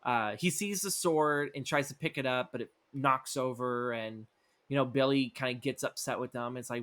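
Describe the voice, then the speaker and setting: A male podcast co-host in loose, profane chat, his voice sitting at an ordinary middle pitch. He rambles through a story and keeps slipping into quick acted-out lines for the people in it. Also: fairly bright tone. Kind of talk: casual movie-script recap chat.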